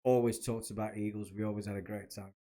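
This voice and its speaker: A former kit man turned podcast host looks back on old times in a casual, rambling monologue full of restarts. He talks fast, with a warm, level tone on the low side.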